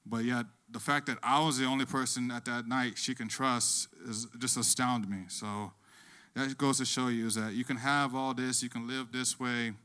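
A man telling a true story casually on stage, profane and animated, acting out the voices of the people involved. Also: mid-range voice, normal speed, smooth.

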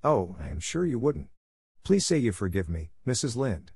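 A man's voice: fairly low pitch, lively intonation, brisk, darkish tone, no echo. A man voicing an imaginative, talkative young orphan girl in a storybook reading, speaking in a dramatic, effusive and earnest way. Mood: pleading.

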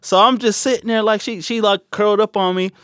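Man in his 20s, bit high pitch, brash, profane storyteller, dry sound. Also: fairly even intonation, fairly quick, a bit bright, smooth, dry recording. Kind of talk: casual crude banter.

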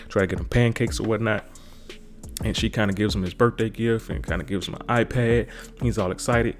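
A man recapping a TV episode in a casual, rambling way, repeating himself and saying kinda a lot. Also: low voice.

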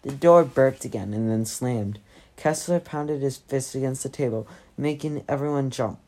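Very low-voiced woman reading a novel aloud. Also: normal speed, dark tone. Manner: casual, breaks off with chatty asides. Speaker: reader.

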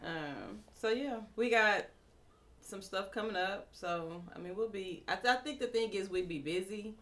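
A woman co-hosting a podcast chats casually, rambling as she thinks out loud. Her voice is medium-pitched and fairly bright, and she speaks a little slowly.

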